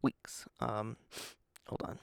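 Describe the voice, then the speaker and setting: A man hosting his own podcast alone, rambling casually and mocking himself with plenty of swearing, sounding tired early in the morning. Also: slow. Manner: rambling, self-deprecating, profane. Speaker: podcast host.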